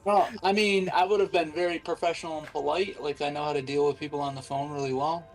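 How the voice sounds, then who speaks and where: A man's voice: a little high, steady tone, quick pace, soft background music, poor audio. A man telling a story in casual chat, with a dry, matter-of-fact delivery.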